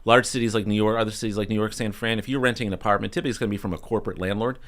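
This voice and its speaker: Male radio guest, fast and explanatory, low voice. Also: steady tone, a bit bright. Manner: brisk, explanatory, opinionated. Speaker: guest expert. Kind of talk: radio discussion.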